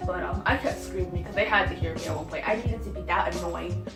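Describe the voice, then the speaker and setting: A young woman vlogger with a hoarse voice, rambling through a fan story with lots of fillers and giggles. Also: fairly low pitch, fast talker. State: hoarse from screaming. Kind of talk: casual fan vlog storytelling. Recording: echoey, from a distance, music behind.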